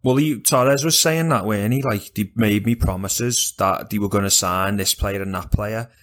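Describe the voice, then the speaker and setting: A man chatting casually about football as a podcast co-host, animated and sweary, rambling with restarts. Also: on the low side, moderate pace.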